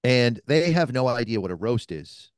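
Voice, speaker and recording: A man with a smooth, clear voice tells a rowdy story, swearing freely and building it up with energy. The sound is dry and close, with no room echo, as in a mobile podcast studio. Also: medium pitch, moderate pace. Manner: animated, profane storyteller. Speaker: podcast guest, cigar shop owner. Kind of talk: anecdotal storytelling.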